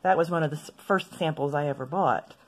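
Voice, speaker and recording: A woman chatting casually as she swatches inks for her video, rambling into asides and gently poking fun at herself. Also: deep voice, a little fast, slightly rough. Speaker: stationery vlogger.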